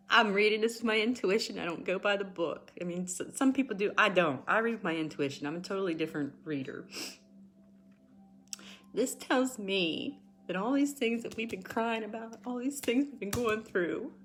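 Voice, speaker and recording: A woman giving a livestream tarot reading with a pep talk. She is emphatic and encouraging, chatty, and often close to tears. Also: medium pitch. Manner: emotional and emphatic, sometimes near tears; chatty and encouraging, rambling asides. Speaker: tarot card reader.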